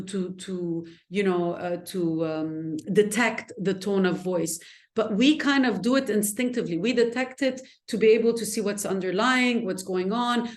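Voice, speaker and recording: A woman giving an informal teaching talk, conversational with frequent fillers and restarts, acting out example phrases in different tones. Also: fairly low pitch. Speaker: educator explaining love languages.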